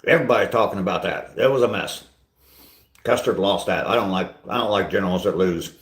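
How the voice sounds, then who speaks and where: A man putting on a rough impression of a boastful older male politician, repeating short clipped boasts. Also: low voice, a little fast, a bit bright, roomy sound. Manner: repetitive, bragging, clipped phrases.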